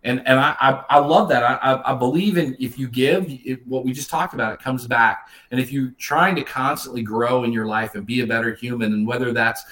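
A man's voice: medium pitch, steady tone, a little fast, hardly any pauses, a bit bright. A man in his fifties co-hosting, talking with enthusiasm and repeating words as he goes. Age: 50s. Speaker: co-host. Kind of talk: casual chat.

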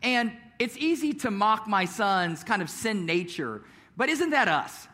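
A man's voice: high-pitched, very animated, measured pace, bright, forceful tone. A young adult male pastor praying and preaching at a church service, telling stories casually with frequent fillers and chuckles. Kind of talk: sermon with prayer and personal story.

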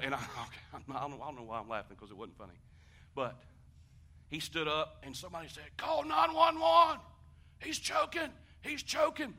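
A man preaching a sermon, conversational and animated, asking the congregation questions and swinging from hushed talk to shouting. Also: medium pitch. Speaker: pastor.

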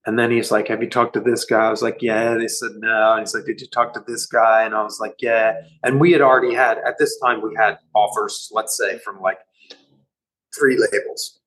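A middle-aged man, a band musician, telling a story in a rambling, profane, animated way during a casual interview. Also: fairly low pitch, moderate pace, poor audio.

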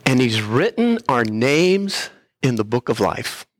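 An older man delivers a sermon from a church pulpit at a slow, deliberate pace. His tone is earnest and heartfelt, a little unpolished, with frequent throat clearing. The sound is dry, with very little room echo. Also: medium pitch, very animated. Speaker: guest speaker, missionary pastor.

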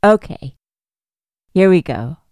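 A middle-aged woman hosting a podcast, speaking in a gentle, earnest and reassuring way in a reflective solo talk. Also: lowish voice, animated, slow, no echo. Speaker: podcast host.

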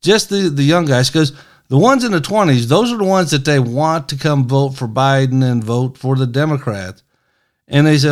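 A middle-aged man hosts an informal commentary show in a folksy, sarcastic voice. He mocks his targets with a mid-range pitch and a loose, chatty rhythm. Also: expressive, normal speed. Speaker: political commentary host. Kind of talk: casual political commentary.

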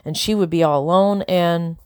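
A woman narrating a novel in the first person, measured and unhurried. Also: fairly low pitch, steady tone, darkish tone, clean tone, no room sound, studio quality. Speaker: audiobook narrator.

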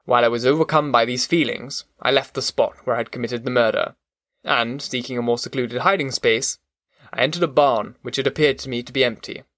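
A male audiobook narrator reads a classic novel aloud at a steady, measured pace. His voice is mid-range, and the recording is dry with studio quality.

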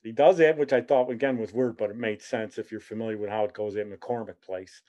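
A man's voice: fairly low pitch, fairly even intonation, fairly quick, darkish tone, highs cut off. A middle-aged man hosting a show, telling a long personal story in a rambling, self-deprecating way. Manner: rambling, self-deprecating humor, many fillers and asides. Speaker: show host.

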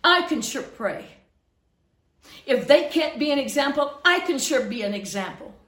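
A middle-aged woman pastor preaching fervently, swinging from loud scolding to hushed earnestness. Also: high-pitched, expressive, moderate pace, roomy sound. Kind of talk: preaching to camera.

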